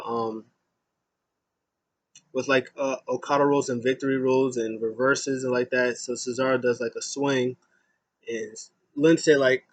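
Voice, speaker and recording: A man's voice: medium pitch, a bit bright. A young man casually recapping a wrestling show, rambling with lots of fillers. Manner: rambling, many fillers, paraphrases with quick voices.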